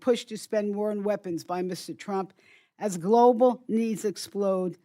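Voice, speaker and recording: Older woman giving a forceful prepared speech, stumbles a bit here and there. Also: medium pitch. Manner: emphatic, forceful delivery with stumbles and restarts. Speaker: congresswoman giving opening remarks. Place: hearing room.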